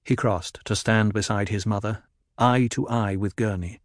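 A man in scripted audiobook narration, telling the story in a measured, even way. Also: fairly low pitch, dry recording, clean studio sound.

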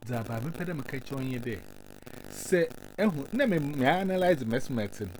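A man's voice: medium pitch, expressive, moderate pace, background noise. A man giving earnest advice, mixing English words into his talk.

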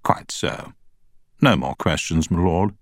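A man's voice: low voice, animated, takes it slowly, no echo, full character voice. A man voicing a pompous older male prosecuting barrister who objects indignantly.

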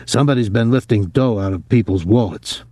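A man voicing a gruff middle-aged boxing-club trainer who talks bluntly in weary street slang, quieter and lower than his narration. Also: a little fast, no room sound, lightly acted.

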